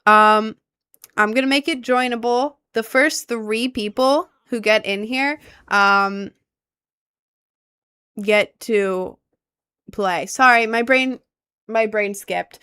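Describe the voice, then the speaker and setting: Young woman gaming streamer, American with faint Southern and New York color, somewhat high, smooth voice, excitable. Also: takes it slowly, pauses often. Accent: American with slight Southern and New York touches. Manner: excitable, shrieks and repeats exclamations. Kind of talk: casual live-stream chat.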